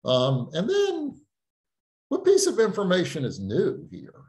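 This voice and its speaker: Man, middle-aged, writing instructor, animated pitch, chatty lecture with restarts. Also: unhurried. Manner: conversational, thinks aloud with fillers and restarts. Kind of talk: online lecture.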